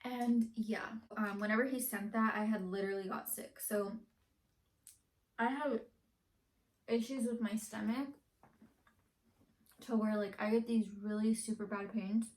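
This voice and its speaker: A woman's voice: medium pitch, steady tone, measured pace, long pauses, a little mellow. Rambling young woman, echoey room. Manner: rambling, heavy use of "like". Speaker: vlogger. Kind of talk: casual storytime.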